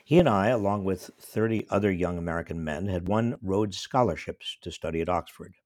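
A professor and commentator in his seventies from small-town New York State tells a wry, reflective personal story as a monologue. His voice sits low and darkish, moving fairly quickly, captured cleanly in a studio with no room sound.

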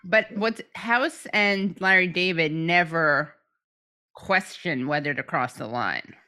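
A young woman co-hosting a podcast, chatting casually in a playful, quick-witted way. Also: fairly low pitch, sharp tone, smooth. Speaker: podcast co-host. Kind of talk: casual chat.

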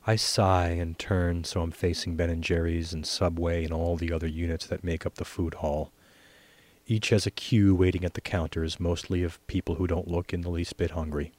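A man reading a first-person short story in a wry, deadpan way. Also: low-pitched, moderate pace, dry recording. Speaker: story reader.

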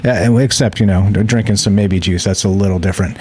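A man's voice: lowish voice, steady tone, brisk, a little mellow, a little hiss or hum. A man hosting a live talk show, talking casually in a rambling, sarcastic way full of fillers and restarts. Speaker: podcast host.

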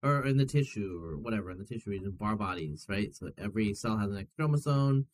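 Animated, rambling man talking casually. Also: fairly low pitch, fast talker, low-quality recording. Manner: rambling, lots of fillers and restarts; animated storyteller. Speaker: podcast guest. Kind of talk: casual chat.

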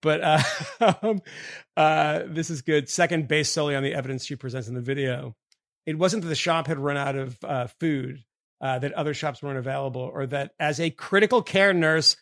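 A man co-hosting a podcast, reading a listener's email aloud in a rambling way with lots of fillers and quick laughs. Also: fairly high pitch, creaky, fairly bright tone, no room sound, clean studio sound. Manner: rambling, many fillers, laughs mid-sentence. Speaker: podcast co-host.

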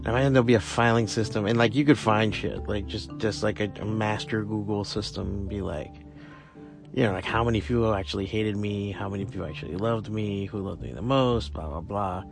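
A man's voice: lowish voice, steady tone, brisk, gravelly, music in the background. A man hosting a podcast on his own, talking in a rambling, profane, casual way with lots of fillers. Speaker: podcast host. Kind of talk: casual solo monologue.

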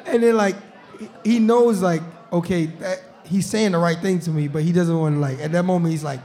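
Mellow-voiced young man, laughing chatter. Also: high voice, steady tone, a little fast. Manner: loose and laughing, repeats "you know what I'm saying". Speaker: football player guest. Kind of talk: casual live-show chat. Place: restaurant during a live show.

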